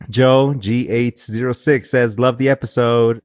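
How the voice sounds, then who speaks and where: A man's voice: mid-range voice, fairly even intonation, takes it slowly, darkish tone, no echo, studio quality. A man co-hosting a podcast, chatting casually, laughing often and reading out listener comments. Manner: easygoing, laughs a lot. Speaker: podcast co-host.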